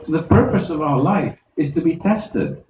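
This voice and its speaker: A man, an imam, giving a Friday sermon, explaining verses step by step and reciting Arabic quickly. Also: fairly high pitch, expressive, darkish tone, echoey room, recorded from a distance, rough recording. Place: mosque prayer hall.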